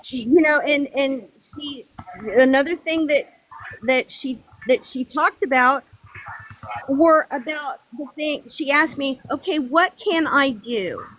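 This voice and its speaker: An older grandmother calling into a panel discussion, speaking haltingly with many restarts. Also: high voice, fairly even intonation, a bit bright, dull audio. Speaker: panel caller.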